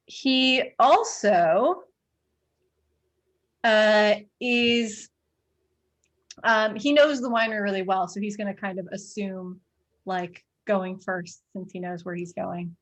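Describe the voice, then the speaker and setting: A woman narrating a tabletop game as dungeon master, rambling with many fillers and frequent giggles. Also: mid-range voice.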